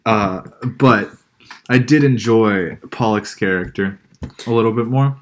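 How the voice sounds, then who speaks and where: A young man co-hosting a casual movie chat, relaxed and a little hesitant. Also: lowish voice, measured pace, a little hiss or hum. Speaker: podcast co-host.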